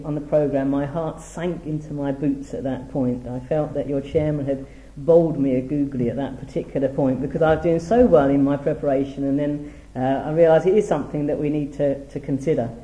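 A middle-aged man teaches from the Bible in a measured way, stressing the words when he reads scripture aloud. His voice is very dark and mellow, yet sits a little high for a man. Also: reverberant, poor audio. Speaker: preacher.

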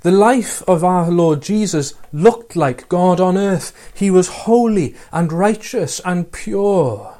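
A man delivers a sermon slowly but with hardly any pauses, his warm, mellow voice a bit higher than average for a man and lively in intonation. He speaks earnestly, asks his listeners frequent rhetorical questions, and reads scripture aloud between them.

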